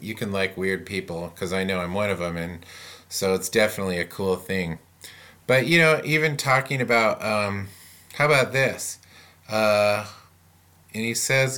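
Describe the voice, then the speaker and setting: Low-voiced chatty pastor, laughing often. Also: male voice. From Pacific Northwest US. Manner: animated, laughs often, acts out quoted voices. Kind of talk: casual podcast chat.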